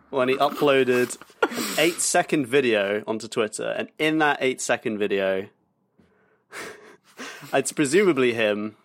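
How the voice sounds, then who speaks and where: A man co-hosting a podcast, telling a story in casual chat and laughing often as he goes. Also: mid-range voice. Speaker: podcast co-host.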